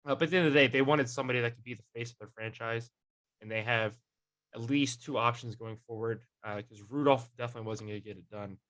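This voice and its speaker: A man's voice: mid-range voice, fast talker, fairly bright tone. A man co-hosting a sports podcast, talking in a rambling, hesitant way with many fillers and jokes at his co-host. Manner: jokey, teasing his co-host. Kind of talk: casual sports chat.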